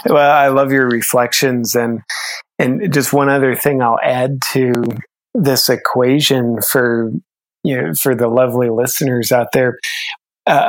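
A man talking as a podcast guest, reflective and halting, often restarting his sentences. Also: medium pitch, no echo, low-quality recording. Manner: thoughtful, halting, with many restarts. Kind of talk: reflective interview talk.

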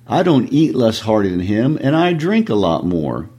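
A cheeky, shameless old dustman pleading his case, as a man reads him aloud. The voice sits fairly low and rises as he begs. It is a wheedling reading of a stage part. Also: big pitch swings, moderate pace, warm tone, breathy edge.

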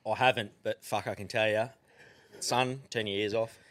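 Here an Australian man with a lowish voice talks at an ordinary pace. Guesting on a podcast, he tells easygoing, animated stories peppered with profanity.

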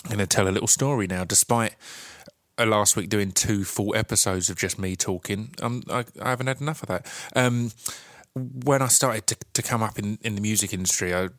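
A man's voice: lowish voice, brisk, a bit bright, no echo, clean studio sound. A man with an Essex accent hosting his podcast, talking in a chatty, rambling way with many fillers and restarts. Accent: Essex English. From Essex, England. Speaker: podcast host. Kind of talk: casual solo podcast intro.

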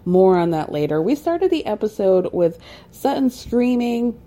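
A woman hosts a casual recap podcast, talking in a wry, chatty way and acting out the cast's lines. Her tone is warm and mellow. She sits at middling pitch. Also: sing-song, measured pace. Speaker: podcast host recapping reality TV.

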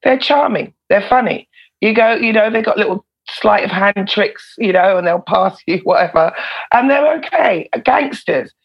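A woman tells prison stories in a loose, animated way, swearing freely as she goes. Her mid-pitched voice is gravelly and husky. The recording sounds a little dull and lo-fi. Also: moderate pace. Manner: animated, swears freely, laughs between lines. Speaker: former prison officer and comedian. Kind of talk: casual storytelling in a podcast interview.

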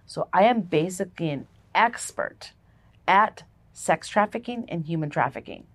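A woman's voice: fairly low pitch, lively intonation, moderate pace, no echo. A woman hosting a faith show, talking casually and emphatically as she opens a Bible study. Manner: warm and chatty, emphatic lists. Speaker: podcast host and ministry founder.

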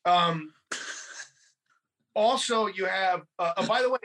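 A man's voice: sits high, slow, bright, forceful tone. A man from California co-hosting a podcast, chatting casually, rambling, swearing and laughing. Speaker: podcast co-host. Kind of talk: casual chat about a film.

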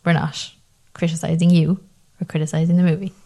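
Woman podcast cohost, laid back and chatty, voice a bit on the low side. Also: level tone, dark tone. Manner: easygoing, quick agreeing backchat. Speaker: podcast co-host. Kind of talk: casual chat.

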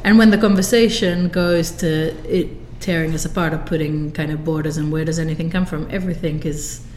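A woman's voice: deep voice, steady tone, fairly quick, darkish tone, echoey room, a little hiss or hum. A woman hosting a casual conversation, speaking hesitantly as she searches for her words.

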